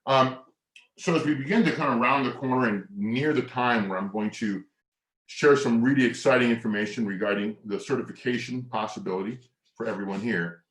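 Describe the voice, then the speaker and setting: Speaking at a medium pitch in a reverberant setting, a middle-aged man teaches a masterclass on mindset. He's earnest and slow, reflective, nearly whispering mantras, then brings lively coaching cues as he leads hand exercises.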